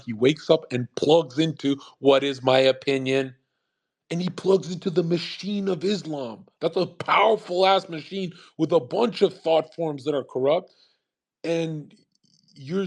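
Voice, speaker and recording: A man's voice: fairly high pitch, slightly rough. A man hosting a show, talking in a rambling, profane, emphatic monologue that often restarts mid-sentence. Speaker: host. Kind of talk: casual monologue commentary.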